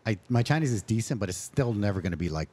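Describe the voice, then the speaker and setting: A man's voice: lowish voice, expressive, fast, a little mellow. A man, a restaurant owner, chatting as a guest on a podcast, telling stories in a rambling way and acting out what people said. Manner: chatty storyteller who acts out quoted speech; rambling, with many restarts and fillers. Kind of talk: casual interview chat.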